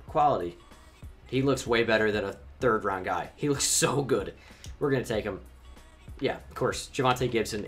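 A young man giving casual, chatty commentary while playing a football video game, reacting with quick bursts of swearing. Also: fairly low pitch. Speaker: gaming YouTuber.

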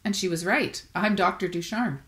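A woman's voice: medium pitch, moderate pace, fairly bright tone, natural voice. A woman reading aloud voices a talkative woman dentist who teases her patient while she works. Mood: chatty. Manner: talkative, teasing. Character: friendly, chatty woman dentist.

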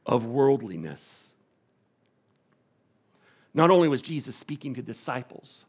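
Pastor, male, sermon delivery: measured, slightly high voice, drops to near-whispers then rises to strong emphasis. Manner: preaching with sweeping swings from hushed to loud. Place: church sanctuary.

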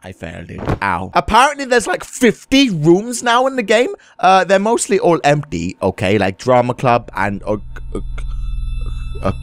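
A man's voice: huge pitch swings, normal speed, a little hiss or hum. A man doing crude, rowdy comedic commentary over a video game. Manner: crude, rowdy, swings wildly in pitch. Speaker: gaming commentator. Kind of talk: comedic let's-play commentary.

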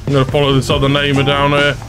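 A man talking over his gameplay in a loose, excitable way, laughing as he goes. His voice sits at an ordinary middle pitch, and faint game music plays underneath. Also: racing. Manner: chatty, excitable, laughs often. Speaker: gaming YouTuber. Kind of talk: casual gameplay commentary.

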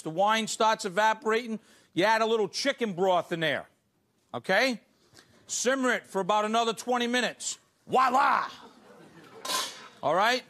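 A middle-aged man with a high, fairly bright voice hosts a live cooking show in a TV studio kitchen. He talks emphatically, coaxing the audience with repeated "okay?" and "you see?", while the studio crowd and background noise are audible.

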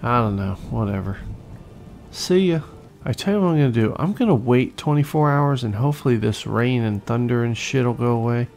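A man giving excitable, swearing gameplay commentary as host, talking to enemies as he plays. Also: medium pitch, normal speed, creaky. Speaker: let's play host.

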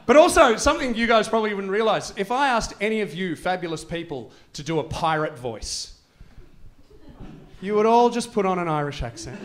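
Male stand-up, rambling, self-deprecating delivery with restarts, pitched a bit high. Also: normal speed, pauses often. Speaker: stand-up comedian. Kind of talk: stand-up comedy set.

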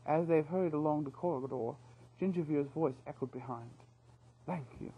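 Husky male narrator reading a novel aloud, lo-fi recording. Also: on the high side, brisk. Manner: steady, expressive storytelling.

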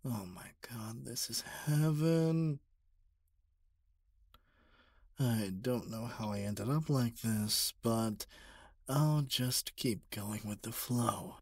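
A man voicing an obsessive young male stalker in a whispered role-play, talking softly with stammers and pleas. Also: medium pitch, takes it slowly, husky, no room sound, clean studio sound. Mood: dreamy, flustered. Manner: soft, stammering, pleading.

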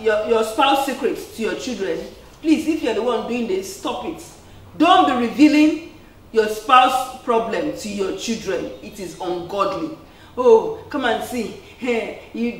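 A woman preacher giving an earnest sermon, peppered with "amen" and "praise the Lord". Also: on the high side. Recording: echoey room, distant mic.

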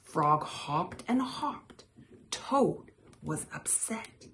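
A woman reading a children's picture book aloud as a storytime host, telling it in a clear, expressive way. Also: sits low, very slow, a little hiss or hum. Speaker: storytime reader.

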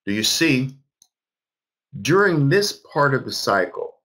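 A man's voice: medium pitch, very animated, slow pace, sharp tone, slightly rough. Emphatic man teaching a trading class. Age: 50s. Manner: emphatic, repeats phrases and quizzes the audience. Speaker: trading instructor.

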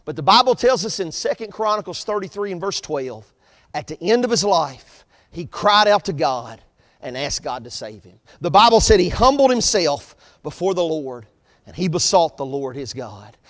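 A man preaching an earnest sermon as pastor of his church, repeating his points in a steady preaching cadence. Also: a little high, normal speed, big-room sound. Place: church sanctuary.

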